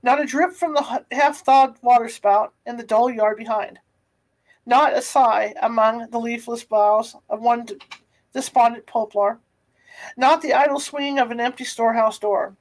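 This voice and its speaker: A woman reading a classic novel aloud, unhurried, with small stumbles and restarts. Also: a little high, fairly even intonation, low-quality recording. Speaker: reader.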